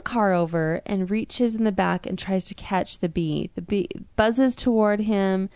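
A woman delivers a devotional story in an earnest, chatty manner, often restarting her phrases. Her voice is smooth and clear, sitting at a medium pitch. The close mic gives a dry sound with no room echo. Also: a little slow, few pauses, darkish tone. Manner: earnest, conversational, with frequent restarts. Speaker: devotional podcast host.

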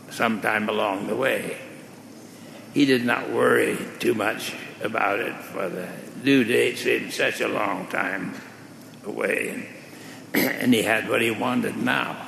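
A male preacher telling a parable in a measured, deliberate sermon, recorded in a large hall. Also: fairly low pitch, gravelly, fairly bright tone, slight background noise. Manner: slow, measured, deliberate storytelling. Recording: echoey hall with faint ambience.

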